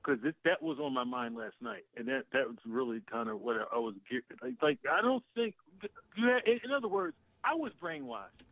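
A man's voice: fairly high pitch, big pitch swings, a little fast, no room sound. A man calling in as a guest to a casual political talk show, emphatic, swearing and repeating himself. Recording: tinny phone line.

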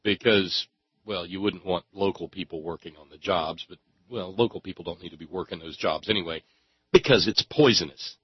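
Angry sarcastic commentator guy, husky, swears a lot, dead dry sound. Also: low-pitched, a little fast, no room sound, dull audio. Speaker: political commentator. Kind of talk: ranting commentary.

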